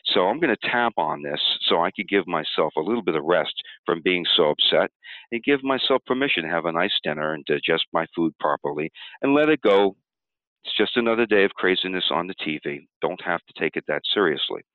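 Male tapping teacher, low voice, patient demo style, heard through a narrow phone-line sound. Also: a little fast, dry recording. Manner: calm, explanatory, acts out upset self-talk while tapping. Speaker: tapping technique instructor. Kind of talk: demonstration walkthrough. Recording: tinny phone-like audio, dry.

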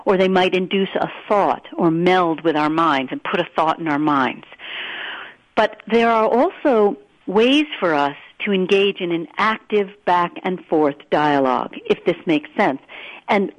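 A woman, a guest author on a radio interview, telling personal stories in an animated, earnest way. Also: lowish voice, measured pace, low-quality recording.

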